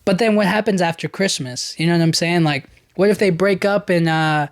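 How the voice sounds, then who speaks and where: A man's voice: high-pitched, a little fast, dry recording, clean studio sound. A young man hosting a podcast, retelling a film in loose casual chat, full of "like" and "you know". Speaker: podcast host.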